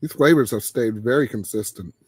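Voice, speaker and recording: A man hosting a casual late-night chat, animated, his voice leaping high when he gets excited. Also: brisk, slightly rough, no echo. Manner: animated, exclaims with big pitch jumps when excited. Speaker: podcast host.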